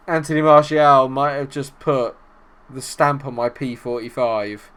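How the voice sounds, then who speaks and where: A young man commentating his own football management game, exasperated, swinging from low muttering to shouting at his players. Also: steady tone, measured pace, clean tone. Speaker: gaming YouTuber. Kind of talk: let's-play commentary.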